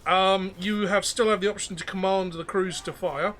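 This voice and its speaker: Game master, man, high bright voice, chatty, filler-heavy. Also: steady tone, moderate pace. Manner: chatty, joking narration with fillers. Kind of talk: narrating a tabletop game.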